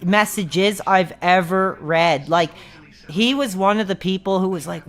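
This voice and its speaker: A man's voice: high voice, normal speed, a bit bright. Rambling, chatty male streamer. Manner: rambling, lots of fillers and restarts. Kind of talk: casual live-stream chat.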